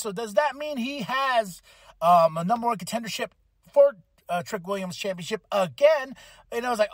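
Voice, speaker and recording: A man hosting a podcast, recapping a wrestling show in a casual, chatty way and acting out lines in quick voices. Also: sits high, expressive, no room sound, clean studio sound. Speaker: podcast host.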